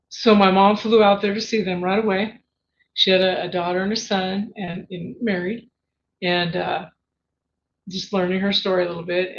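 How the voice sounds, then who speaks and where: Gravelly woman telling a family story. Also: medium pitch. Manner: emotional, rambling with many restarts. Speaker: livestream host. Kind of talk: personal storytelling. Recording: dull lo-fi livestream audio with faint noise.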